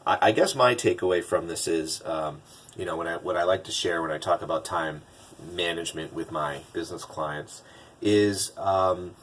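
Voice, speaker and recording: A man talking casually in a vlog as a business coach, restarting sentences often and getting animated when quoting others. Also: low voice, normal speed. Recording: distant mic.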